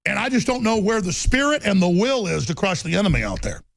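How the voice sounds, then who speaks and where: Gravelly, ranting male radio talk host. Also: big pitch swings, fast talker, no echo. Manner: ranting, swings from shouted outbursts to low muttering. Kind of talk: fiery on-air rant.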